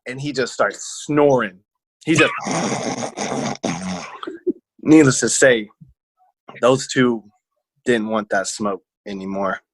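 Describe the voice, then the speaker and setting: A man's voice: mid-range voice, takes it slowly, no room sound. A man casually telling a story on a podcast, rambling and slangy, acting out what people said. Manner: rambling, slangy, acts out quotes. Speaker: podcast co-host.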